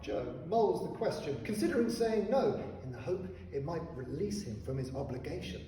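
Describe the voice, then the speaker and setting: A man narrating a children's story in an expressive, animated reading style. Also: on the high side, moderate pace, distant mic. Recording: echoey hall, voice heard from afar, faint noise.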